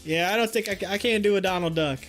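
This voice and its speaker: A man hosting a live stream in relaxed, rambling chat, laughing often as he talks. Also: high-pitched, quick pace, faint music behind. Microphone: headphones on.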